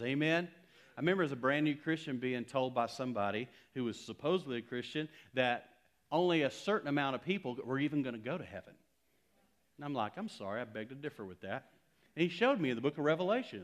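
A middle-aged man preaching to a congregation. His delivery is animated, rising to loud emphatic peaks and then dropping to soft, intimate near-whispers. He acts out quoted exchanges in a lively voice. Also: medium pitch. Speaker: pastor. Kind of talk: sermon.

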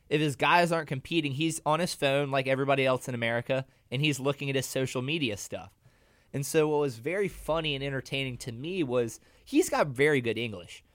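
Smooth-voiced man telling funny stories. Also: medium pitch, no echo, clean studio sound. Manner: animated storyteller, laughs a lot. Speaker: guest, jiu-jitsu competitor. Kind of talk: casual podcast interview.

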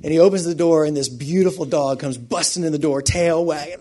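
Animated preacher, a man with a fairly high voice. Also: brisk, hardly any pauses. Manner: animated, swings between loud emphasis and quiet asides, laughs often. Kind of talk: sermon.

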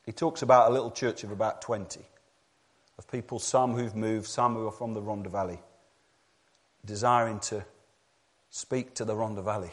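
A man preaching a sermon to a church congregation, dropping to hushed low passages and rising to loud emphatic peaks, often repeating key phrases. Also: fairly even intonation, moderate pace, long pauses. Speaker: pastor.

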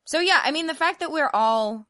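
Bright woman co-host with dry close sound. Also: high voice, animated, brisk, no echo. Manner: agreeable, frequent short affirmations. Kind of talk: casual podcast chat.

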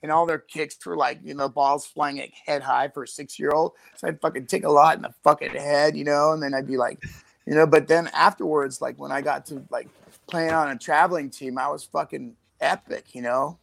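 Gravelly man telling rambling stories. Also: a little high, steady tone, fairly quick, fairly bright tone, no echo. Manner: profane, rambling storyteller. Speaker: guest. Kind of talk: casual chat.

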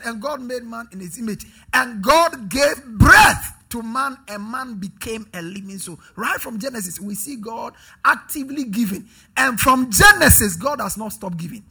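A man preaching a sermon in a church service, leading call-and-response with the congregation and building up to emphatic shouts. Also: extremely high pitch, gravelly, slightly rough. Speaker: pastor.

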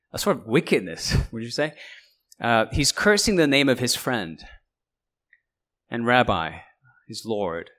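Man teaching Bible verses conversationally. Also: medium pitch. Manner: conversational, checks in with frequent "right?"; explains and paraphrases in lively asides.

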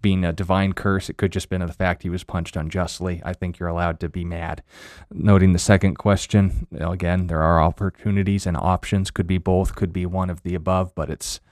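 A man co-hosting a Bible question show, answering in a quick, wry way with dry asides. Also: sits low, flat delivery, a little mellow, dry recording. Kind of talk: casual radio Bible Q&A.

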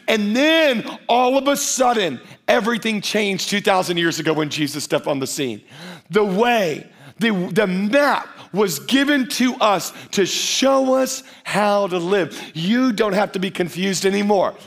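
High gravelly-voiced man preaching a sermon. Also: unhurried. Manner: animated, playful asides to the congregation. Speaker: pastor. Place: church stage before a congregation.

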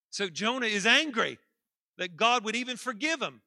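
A man preaching a sermon in a church, calling out to the congregation and building to loud, emphatic peaks. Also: high-pitched, expressive, moderate pace, dry recording.

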